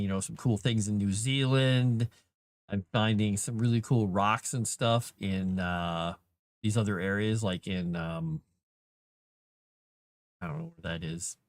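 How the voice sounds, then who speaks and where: Low-voiced man chatting on a writing stream. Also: no echo. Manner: chats with viewers and coos to his cat between thoughts. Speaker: author live-streaming his writing. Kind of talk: casual live-stream chat.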